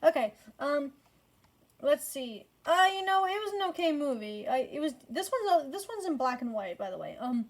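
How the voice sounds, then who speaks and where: Worn out woman rambling about movies late at night, swears a ton, kinda high voice. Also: very animated, normal speed. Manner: rambling, swears constantly, many fillers. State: tired. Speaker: movie reviewer. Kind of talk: casual movie ranking vlog.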